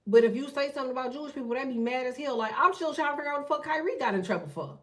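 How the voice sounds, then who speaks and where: A woman hosting a tarot channel, talking in a blunt, profane, fast casual rant. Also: high-pitched, animated, fairly bright tone, distant mic. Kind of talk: casual ranting monologue.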